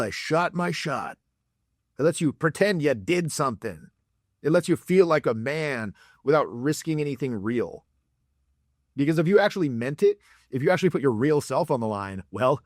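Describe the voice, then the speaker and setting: A man's voice: medium pitch, no echo, clean studio sound. A man giving blunt, profane dating advice as a coach. He talks in a mocking way and acts out examples in put-on voices.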